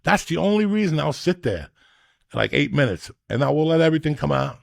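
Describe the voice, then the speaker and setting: A middle-aged man, telling crude comic stories in a loud, profane, animated way. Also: on the high side, fairly quick, gravelly, no room sound, clean studio sound. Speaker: comedian and podcast host.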